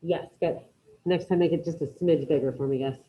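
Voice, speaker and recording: A woman teaching a Spanish class online, brisk and encouraging, calling out students by name as she checks their answers. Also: sits low, steady tone, lo-fi sound.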